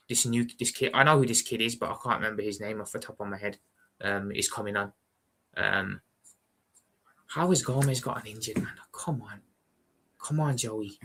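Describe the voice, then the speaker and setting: Scouse fella doing a footy watchalong, low-ish voice, bright and forceful, keeps rambling on. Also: male voice. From Liverpool, England. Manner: blunt, rambling, repeats "you know what I'm saying". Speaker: football watchalong streamer. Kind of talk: casual live-stream chat.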